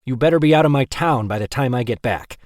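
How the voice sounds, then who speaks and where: A man's voice: mid-range voice, fast talker, no echo, clean studio sound, pitched above the performer's own voice, close to an everyday voice. A man voicing a hostile, hot-tempered male bear shifter who speaks curtly and defiantly. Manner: loud, curt, defiant.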